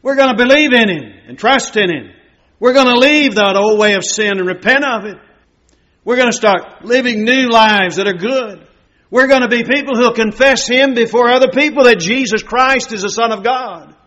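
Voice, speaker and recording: A man preaching a sermon in a plain-spoken way, moving from loud emphasis to hushed, quiet lines. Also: sits high, long reverb tail, muffled recording.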